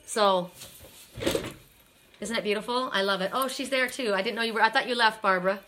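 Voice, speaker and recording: A woman's voice: medium pitch, fairly quick, noisy background. A middle-aged woman doing a live card reading, tired and emotional, chatting with viewers and often repeating herself. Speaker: oracle card reader.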